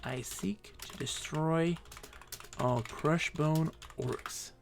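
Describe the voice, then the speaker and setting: A man's voice: a little high, extremely slow, faint music behind. A man streaming a game live, chatting playfully and reading character lines aloud in put-on voices.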